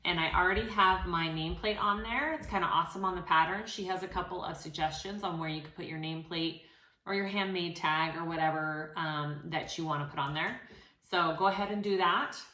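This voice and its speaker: Bright-voiced woman explaining sewing steps. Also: on the low side, fairly quick. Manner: chatty, encouraging, frequent fillers. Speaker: sewing tutorial host. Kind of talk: casual tutorial talk. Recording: echoey room.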